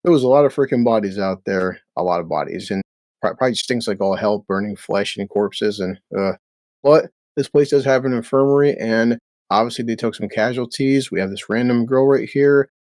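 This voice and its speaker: A man's voice: mid-range voice, fairly quick, a little mellow, no echo. A man giving a casual recap of a TV episode, blunt and sarcastic, swearing freely. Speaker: show recap host.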